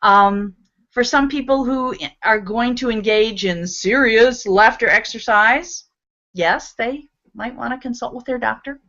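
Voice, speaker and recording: A woman's voice: on the high side, measured pace, bright, forceful tone. A woman hosting a live talk show, upbeat and coaxing as she leads the audience in laughter exercises. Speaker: host leading laughter exercises. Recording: dull lo-fi audio.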